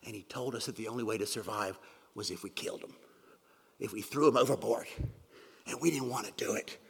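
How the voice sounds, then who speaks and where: Brief: man putting on a rattled sailor blurting his storm tale, husky and a bit raised, in a reverberant hall. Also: on the low side, brisk, voice pushed down. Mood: excited. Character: shaken loose-lipped male sailor telling a tale.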